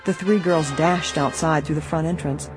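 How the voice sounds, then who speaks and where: A woman narrating an audiobook in a measured, clear storytelling manner. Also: deep voice, fairly even intonation, music in the background.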